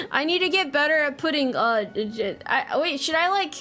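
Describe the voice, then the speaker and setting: A woman's voice: high-pitched, big pitch swings, bright, forceful tone, soft background music. Joking, swearing woman streamer. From United States. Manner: joking, rambling, swears freely, quick laughs. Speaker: VTuber streamer. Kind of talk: casual livestream chat.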